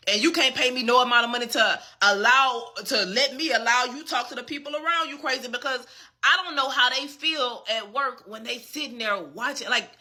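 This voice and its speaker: A vlogger delivers a fired-up, profane rant of commentary, speaking briskly in a mid-range voice with a sharp tone. He's emphatic and keeps checking in with the listener, often asking "you get what I'm saying."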